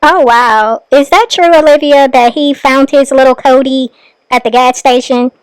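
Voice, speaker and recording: A woman talks through a reaction video in a casual, blunt way, putting pointed questions to the person on screen. Her voice sits high. The recording is dry and close, with no room sound. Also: fairly even intonation, moderate pace, clean tone, dry recording, low-quality recording. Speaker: reaction channel host. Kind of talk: casual commentary on a livestream clip.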